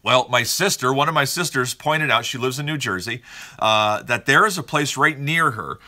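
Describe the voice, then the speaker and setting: A man's voice: mid-range voice, normal speed, pushed and bright. A man hosting a casual morning podcast, chatting and telling stories in a rambling, upbeat way from a room at home. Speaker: morning show host.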